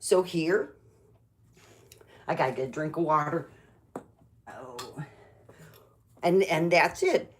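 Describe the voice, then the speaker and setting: A woman's voice: low-pitched, expressive, slow pace, long pauses, slight background noise. A middle-aged woman doing a rambling, meandering stand-up style comedy monologue, chatty and full of restarts.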